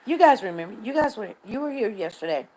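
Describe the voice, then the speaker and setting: An older livestream news host chats casually with her audience, reading their comments and responding by name. Her medium-pitched voice is fast and a little mellow, with lively intonation, though the recording is rough.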